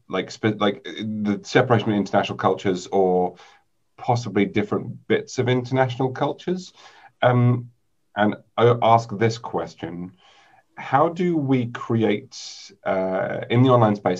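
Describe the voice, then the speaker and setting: A man's voice: on the low side, dull audio. A man moderating an online panel discussion, thoughtful and rambling, with plenty of fillers.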